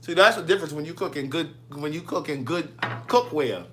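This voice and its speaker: A man's voice: on the high side, animated, a little fast, background noise. A man, chatting casually from his home kitchen as a vlogger, playfully answering viewer comments. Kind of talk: casual live chat with viewers.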